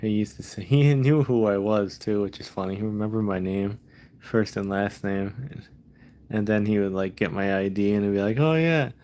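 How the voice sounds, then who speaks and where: A low-voiced man venting in a rambling, casual vlog monologue. He curses often and repeats himself, worn out and fed up. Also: steady tone, normal speed, dark tone, slight background noise. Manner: frustrated, profane, rambling. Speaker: vlogger.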